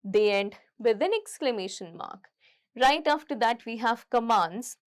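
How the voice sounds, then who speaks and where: Slow, patient female teacher. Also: fairly high pitch, expressive. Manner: explains step by step, repeating each point. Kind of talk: recorded English grammar lesson.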